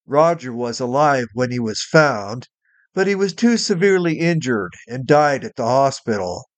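A man's voice: medium pitch, sing-song, normal speed, no echo. A man reading his short story aloud in a plain, matter-of-fact way for a weekly flash fiction podcast.

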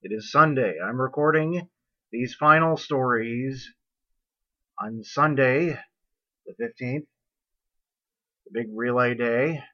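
A man's voice: medium pitch, takes it slowly, long pauses, a bit bright. A man hosting a story show, introducing the next story with silly asides. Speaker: podcast host introducing stories. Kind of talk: casual chat. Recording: dull lo-fi recording.

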